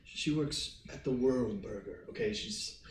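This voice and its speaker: A man voicing a timid, insecure corporate father who talks in a hushed, reassuring way, recorded in a roomy space on a distant mic. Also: on the low side, a little slow, slight background noise, close to an everyday voice.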